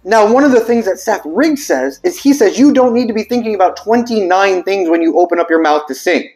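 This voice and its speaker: Vocal coach puzzling over terms aloud. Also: male voice, high-pitched, expressive, brisk, darkish tone, soft background music. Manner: reads text aloud then reacts with puzzled asides; breaks into sung vowel demonstrations. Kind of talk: casual explainer video.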